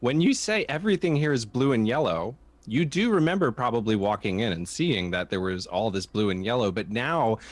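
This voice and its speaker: A man narrating as game master of a tabletop role-playing game, describing scenes in a measured way with frequent "um"s. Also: medium pitch, lively intonation, no echo.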